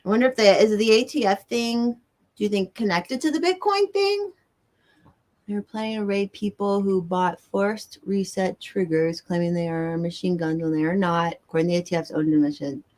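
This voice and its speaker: A woman talks straight to her stream audience, swearing freely and breaking into quick rants. Her voice sits at an ordinary middle pitch for a woman. She keeps it loose and chatty as she answers viewers' comments. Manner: excitable and profane, ranting with nervous laughs. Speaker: livestream host. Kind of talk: casual livestream chat reading viewers' comments. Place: indoors near a bright window.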